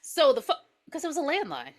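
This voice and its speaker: Lively high-voiced woman recapping a movie. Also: quick pace. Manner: animated retelling with acted-out character lines. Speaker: podcast co-host. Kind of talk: casual movie recap chat.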